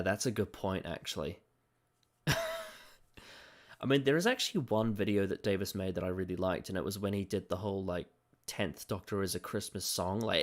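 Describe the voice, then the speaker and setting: A man co-hosting a podcast, chatting casually and ranting animatedly with swearing and laughter. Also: low-pitched. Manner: animated, swearing, laughs at his own rants. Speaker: podcast co-host. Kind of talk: casual chat.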